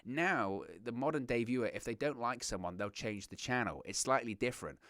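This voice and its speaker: A young man hosting a wrestling reaction show, chatting casually with lots of restarts and animated asides. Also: mid-range voice, brisk, no room sound, clean studio sound. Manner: rambling, animated, self-interrupting with restarts. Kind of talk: casual solo commentary.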